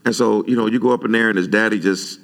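A man preaching a sermon, animated and conversational, jumping high in pitch when he retells his own words. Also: fast talker, vocal fry. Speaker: pastor.

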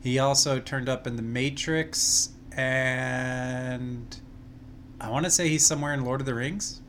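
A man's voice: medium pitch, fairly even intonation, measured pace, a bit bright, slight background noise. A man in casual chat, rambling through movie trivia he half remembers and second-guesses. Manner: rambling, unsure trivia recall.

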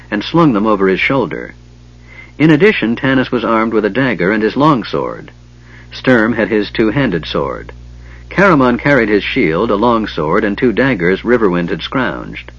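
A man reads a fantasy novel aloud in a measured, even way. His voice is husky and sits fairly low. The recording sounds dull and lo-fi. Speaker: audiobook narrator. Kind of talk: scripted fantasy narration.

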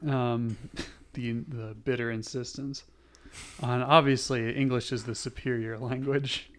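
A young man co-hosts a podcast in loose, casual chat. His mid-pitched voice wanders through asides and restarts. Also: level tone, measured pace, a bit bright. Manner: rambling, full of "like" and restarts. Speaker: podcast co-host.

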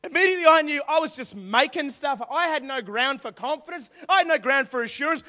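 A young man preaching to a youth group through animated personal stories, acting out voices and now and then bursting into shouts. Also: very high-pitched, brisk, few pauses. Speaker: youth speaker. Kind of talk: storytelling youth sermon.

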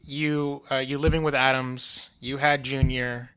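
A man's voice: medium pitch, flat delivery, measured pace, pushed and bright, smooth. A man interviewing his older brother in a casual chat, curious and prompting, with frequent hesitant fillers.

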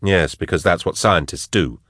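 A man's voice: low voice, normal speed, a bit bright, no room sound. A man voicing a wary, sardonic male companion with a dry tone.

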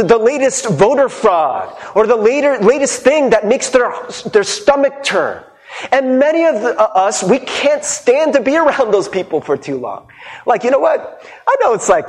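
A young man preaching a sermon, his voice sitting high and swinging widely in pitch. He talks in a loose, conversational way, acting out little voices of the people he describes. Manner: animated, conversational, laughs and mimics people. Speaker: pastor.

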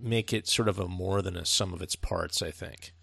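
A man co-hosts a casual film chat, laid back and full of fillers as he works through his thoughts. His voice is very low with a gravelly fry, and it is recorded close and dry. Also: steady tone, moderate pace, a bit bright, dry recording. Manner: laid-back, filler-heavy, laughs often. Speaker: podcast co-host.

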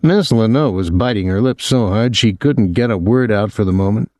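A man with a low voice narrates an audiobook in a steady, measured way. The recording is dry and close, with no room sound. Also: dry recording. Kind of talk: scripted narration.

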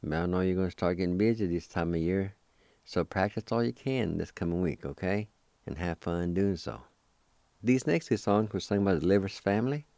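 A deep, warm voice belongs to this language teacher and radio host from Oklahoma, who moves briskly through a slow spoken vocabulary lesson. He patiently repeats words, spelling and pronouncing them one syllable at a time, with no room sound.

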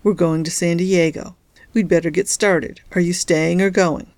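A woman reads out an easygoing young man in a low, steady voice, earnest and plain. The sound is dry and close, with no room around it. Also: moderate pace, no room sound, lightly acted. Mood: resolute. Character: young man, easygoing driver turned determined.

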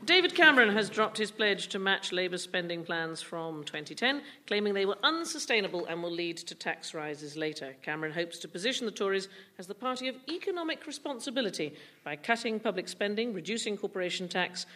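A woman hosting a panel quiz, reading news items with dry, deadpan joke delivery. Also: medium pitch, brisk, hardly any pauses. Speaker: quiz show host.

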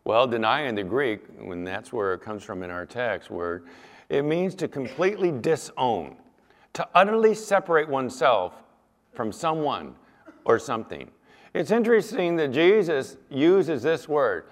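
A man's voice: medium pitch, very animated, unhurried, long reverb tail. A male pastor preaching a sermon with emphatic, dramatic storytelling.

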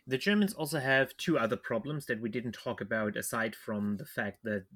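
A man's voice: medium pitch, normal speed, fairly bright tone. A man hosting a history podcast, talking casually and prompting his guest. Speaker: podcast host.

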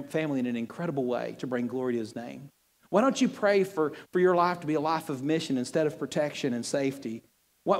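A man preaching a sermon to a congregation, animated and joking, often repeating his words. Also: a little high. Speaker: pastor. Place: church hall with audience. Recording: long hall reverb.

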